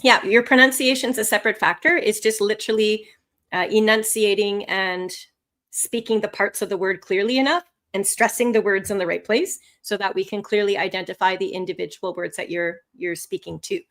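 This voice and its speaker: A woman instructor teaching a live online lesson, animated and expressive, with swooping pitch and frequent laughter. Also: fairly quick. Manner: laughs often. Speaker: language test instructor.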